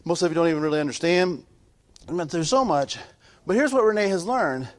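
A middle-aged man preaching in a sermon, his voice sitting notably high for a man. He builds to loud, emphatic peaks, then drops to low, quiet asides. He repeats words in rhythm and calls out to his listeners. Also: fairly quick. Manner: repetitive, rhythmic preaching with call-outs to the audience. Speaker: pastor.

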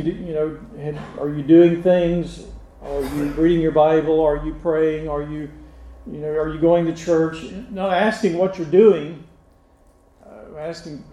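Guy preaching a sermon, warm mellow voice, stops and restarts a lot, asks the congregation questions, roomy church echo. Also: on the high side, a little hiss or hum. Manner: unhurried, halting delivery with many restarts and fillers. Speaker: pastor.

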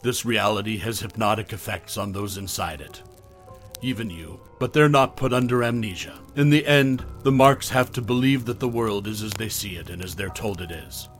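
A man's voice: fairly low pitch, moderate pace, a bit bright, soft background music, lightly acted. Smarmy creature in a businessman's skin, patronizing and falsely cheerful, read by a man.

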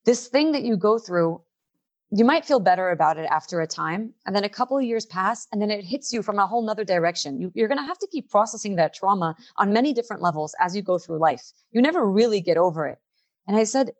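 A middle-aged woman gives a heartfelt inspirational talk. Her delivery is earnest and emotional, and she draws out her key phrases slowly for weight. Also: medium pitch, animated, a little mellow. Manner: emotional, earnest, slows down for emphasis. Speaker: workshop leader.

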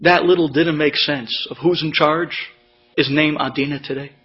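A man tells a moving personal story in a fairly high voice, full of dramatic pauses and acted-out quotes. The recording is dull and lo-fi with a steady mains hum underneath.

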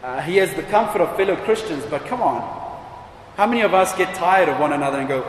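Man, preacher, high voice, emphatic rhetorical questions, echoey church hall. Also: animated, fairly quick, slight background noise. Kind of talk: sermon. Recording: echoey hall with faint ambience.

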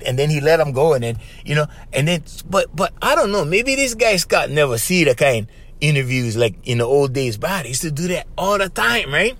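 Man, hawaiian pidgin accent, podcast host, casual storytelling, high-pitched, very lively intonation. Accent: Hawaiian Pidgin-tinged English. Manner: animated, keeps saying "bro" and "right?".

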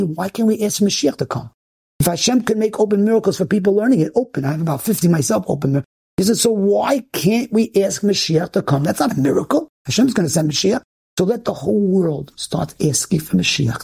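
A rabbi telling inspirational stories in an earnest way, often repeating and restarting phrases for emphasis. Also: male voice, high-pitched, vocal fry, dark tone, breathy edge.

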